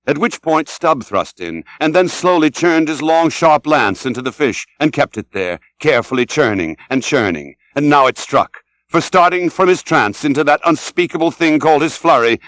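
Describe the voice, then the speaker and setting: Male narrator, mid pitch, animated dramatic reading, dry studio recording. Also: no room sound. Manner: dramatic, shouts out the sailors' cries. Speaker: audiobook narrator. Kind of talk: scripted narration.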